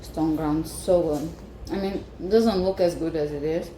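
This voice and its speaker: Woman home baker, low-pitched, eager and chatty, echoey kitchen with faint background noise. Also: steady tone, normal speed, dark tone. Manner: enthusiastic, chatty, tasting as she talks. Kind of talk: casual cooking vlog.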